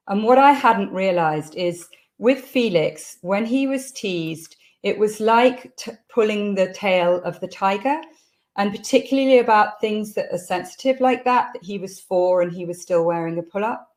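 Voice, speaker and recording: A woman's voice: mid-range voice, expressive, measured pace. A middle-aged woman, a parenting coach telling a candid personal story to camera. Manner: candid storytelling that acts out quoted shouts.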